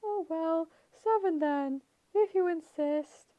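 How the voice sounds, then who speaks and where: A woman voicing a nervous satyr boy who puts on a shrill falsetto, fluttering and placating. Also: takes it slowly, no room sound, lo-fi sound. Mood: nervous coy. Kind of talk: audiobook character voice.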